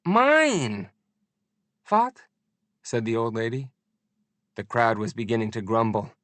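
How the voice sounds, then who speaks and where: A man narrating a first-person audiobook in an expressive, deliberate storytelling manner. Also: mid-range voice, no echo.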